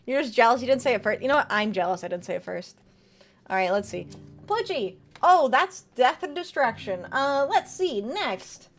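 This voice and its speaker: Her voice is a little high and animated, moving at a moderate pace. The young VTuber plays a game on stream, joking and giggling with her audience while reading out chat messages and tarot cards.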